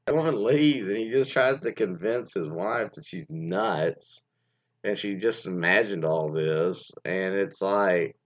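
A low-pitched man takes it slowly as he hosts casual commentary on reader stories, reacting as he goes. He rambles, with many fillers and restarts, and the recording has a dull lo-fi sound.

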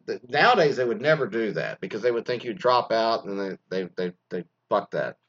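A man's voice: medium pitch, bright, forceful tone, lo-fi sound. A man who used to teach, ranting casually about school graduations, swearing a lot and rambling with mocking asides. He is from Texas. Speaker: former teacher. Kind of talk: casual profane rant.

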